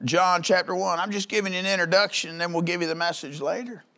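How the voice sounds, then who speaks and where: A man preaching a sermon in a church, with folksy, conversational delivery full of rhetorical questions, building to loud calls. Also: high-pitched, steady tone, fast. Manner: rises to loud calls in the climaxes. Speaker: pastor.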